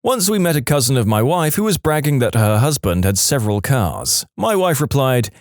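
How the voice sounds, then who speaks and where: A man narrates scripted storytime posts with wry timing. His voice sits at a middle pitch but swings widely in animated contours. The recording is dry, with no room around it. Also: normal speed, hardly any pauses, no echo.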